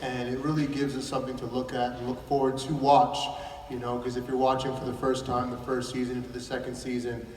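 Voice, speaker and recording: A man's voice: mid-range voice, monotone, fast talker, a little mellow, a little hiss or hum. A man on a convention panel answering fan questions in an easygoing way. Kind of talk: casual panel chat. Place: large convention hall. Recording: echoey hall from far off.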